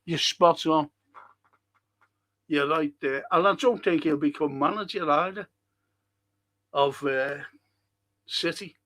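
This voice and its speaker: A man's voice: fairly high pitch, slow pace, long pauses, pushed and bright, no echo. A man hosting a football fan live stream, rambling casually and swearing now and then as he reads out and answers viewer comments. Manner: rambling and chatty, wanders off topic.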